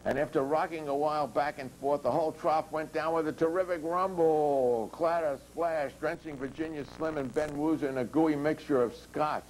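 Man reading crude fiction deadpan. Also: a little high, normal speed, few pauses, a little hiss or hum, rough recording. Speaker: author reading his own fiction. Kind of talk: reading a novel chapter aloud.

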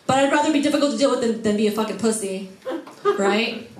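Brash woman stand-up comedian, high voice, profane, echoey club room, background noise. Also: quick pace. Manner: brash, profane, crowd-teasing.

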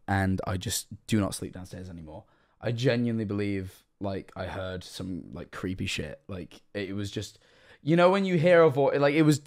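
A tipsy man in his twenties streaming live, rambling through a story, jumping from loud outbursts to hushed asides. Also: on the low side. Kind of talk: casual live-stream chat.

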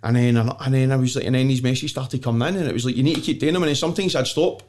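A Glaswegian man guesting on a podcast rattles off stories in a rapid-fire, steady, medium-pitched voice with a darkish tone. It's casual storytelling chat, blunt and self-mocking, with free swearing and frequent laughter.

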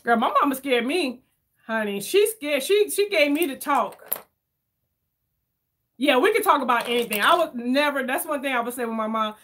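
Chatty animated woman doing her makeup. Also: sits high, normal speed. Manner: chatty, animated storyteller, addresses viewers as y'all. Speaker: beauty vlogger reading live chat. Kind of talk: casual chat while doing makeup.

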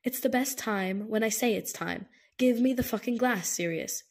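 A woman's voice: a little high, moderate pace, darkish tone. A woman reading an audiobook, voicing a protective young man who speaks firmly and earnestly. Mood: sharp. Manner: firm, insistent, earnest. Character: firm, caring young man, protective and stubborn. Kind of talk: audiobook character voice.

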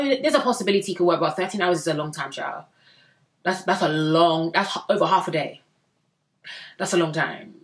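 A young woman reviewing a reality dating show in a chatty, slangy way, with sudden excited bursts. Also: mid-range voice. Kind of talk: casual recap vlog.

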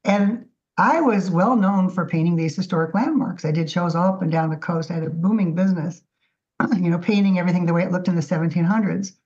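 Woman, animated storyteller, lowish voice, dull lo-fi sound. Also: a little fast. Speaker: guest artist. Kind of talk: casual storytelling interview. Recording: dull lo-fi audio.

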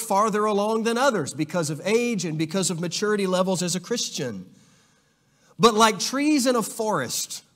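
A man's voice: high voice, fairly bright tone. A man preaching a sermon in a church, earnest and restarting phrases with repeated words. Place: church auditorium. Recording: long reverb of a church hall.

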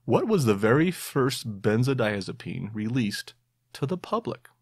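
A man's voice: medium pitch, very animated, a little slow, breathy edge, no room sound, clean studio sound. A man hosting a podcast, quizzing his listeners in a playful, self-mocking way. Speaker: podcast host. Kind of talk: quiz-style podcast monologue.

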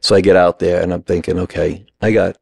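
Gravelly low-voiced man telling a story. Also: a little fast, no room sound. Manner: animated anecdote teller who acts out quotes. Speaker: podcast guest. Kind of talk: casual storytelling.

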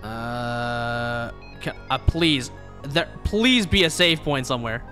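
A man's voice: mid-range voice, animated, takes it slowly, pushed and bright. A man giving casual let's-play commentary while he plays a video game, with anxious, jokey reactions. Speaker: gamer streamer. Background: faint game music.

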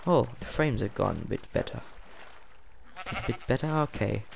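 Male gamer, mid-pitched, jumpy and rambling, lively up-and-down delivery. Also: normal speed, vocal fry, slight background noise. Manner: excitable, jumpy, rambling, swears and yelps. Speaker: let's play gamer. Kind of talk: casual gameplay commentary.

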